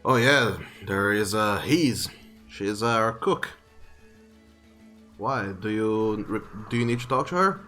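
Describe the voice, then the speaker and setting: A man voicing an easygoing male bugbear at a tavern in a tabletop game, talking in a casual, halting way. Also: fairly low pitch, lively intonation, bright, forceful tone, soft background music.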